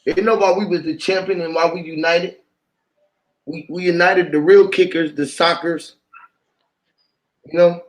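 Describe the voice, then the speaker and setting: A man's voice: a little high, fairly even intonation, a little slow, pauses often. A man delivering a rambling freestyle monologue, chanting and repeating words in a loose stream of wordplay. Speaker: vlogger.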